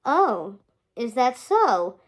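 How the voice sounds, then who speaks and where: Sly young hero, teasing, fairly high voice, played by a woman. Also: very animated, extremely slow, heavily acted.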